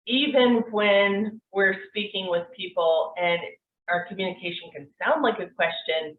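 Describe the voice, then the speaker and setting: A woman gives a relaxed, conversational lesson, explaining ideas with frequent fillers. Her voice sits at an ordinary middle pitch for a woman. It comes through thin and tinny, like a phone line, from some distance in an echoey room. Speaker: NLP course instructor. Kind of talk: online course lecture.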